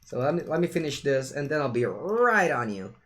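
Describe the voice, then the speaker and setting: Here a young man from Italy talks briskly in a mid-range voice, casually chatting to viewers during a card-game stream. Animated and chatty, he has an Italian accent and switches back and forth between English and Italian.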